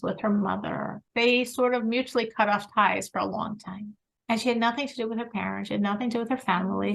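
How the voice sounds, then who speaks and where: A woman teaching a religious class, telling a story in a lively way and laughing between phrases. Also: mid-range voice, vocal fry, poor audio. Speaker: teacher of a women's Torah class.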